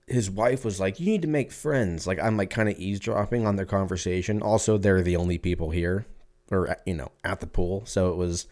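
A man's voice: deep voice, steady tone, brisk, darkish tone. A man hosting a podcast, telling a rambling, profane story in a casual way and acting out other people's lines. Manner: profane, rambling, acts out voices in anecdotes. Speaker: podcast host.

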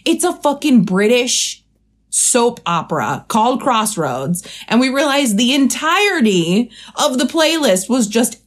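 A woman co-hosting a casual chat podcast, telling stories in an animated, giggly way. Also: a little high, unhurried. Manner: giggly, animated storytelling, swearing freely. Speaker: podcast co-host.

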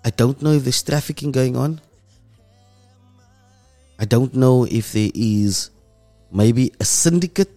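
A man with a South African accent hosting an emotional commentary monologue, impassioned and dropping low and soft when moved. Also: slow, long pauses, soft background music. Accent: South African English. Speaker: host.

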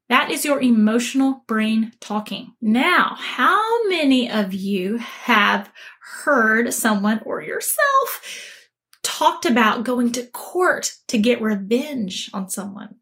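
A woman's voice: on the high side, expressive, slow pace, a bit bright. A woman coaching listeners in an earnest, emphatic talk, acting out the quoted voices of others. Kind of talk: motivational talk to camera.

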